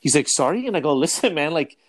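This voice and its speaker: A man in casual podcast chat, joking and animated, often laughing. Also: a little high, fast. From North America.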